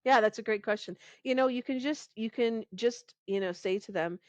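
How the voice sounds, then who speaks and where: A woman guest on a podcast interview, talking in an animated, conversational way, often laughing and restarting her sentences. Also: fairly high pitch, moderate pace, no room sound. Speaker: podcast guest, pain reduction coach.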